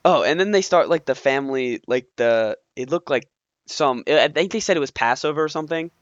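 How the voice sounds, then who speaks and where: A man co-hosting a relaxed movie chat, retelling scenes and laughing often as he talks. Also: on the high side, fairly quick, no echo, highs cut off. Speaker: podcast co-host.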